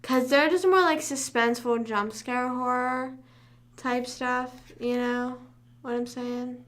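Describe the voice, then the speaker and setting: A woman's voice: sits high, steady tone, slow pace, a bit bright. A young woman hosting a casual livestream, chatting loosely, rambling and humming to herself between thoughts. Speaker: livestream host. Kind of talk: casual live chat.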